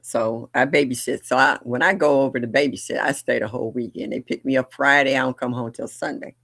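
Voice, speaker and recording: An older woman hosting a livestream, chatting casually and bluntly, telling family stories with animated delivery and laughter. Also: very deep voice, brisk, no room sound, studio quality. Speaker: livestream host. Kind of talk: casual storytelling chat.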